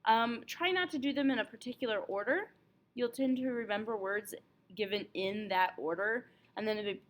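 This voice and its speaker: A woman teaching French, calmly going over a test review and slowing down for example phrases. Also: medium pitch. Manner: clear, patient explaining with slowed example phrases.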